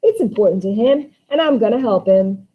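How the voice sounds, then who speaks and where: A woman's voice: mid-range voice, animated, fairly quick, slightly rough. A woman voicing Walter, a bitter, scheming young man, in a dramatic play reading with a raised, impassioned voice, on a dull lo-fi recording.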